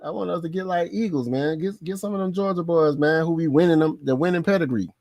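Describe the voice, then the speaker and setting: A man's voice: on the high side, fast, a little mellow, dry recording, studio quality. A man hosting a live sports podcast, casual and slangy, laughing often and repeating himself for emphasis.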